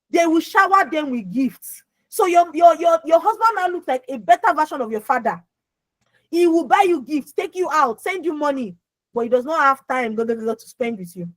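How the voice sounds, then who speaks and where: A young adult woman with a naturally loud voice, coaching an audience on a video call. She is emphatic, repeats words and keeps asking her listeners questions. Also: high voice, no room sound, poor audio. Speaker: emotional healing coach. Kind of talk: lively motivational talk on an online call.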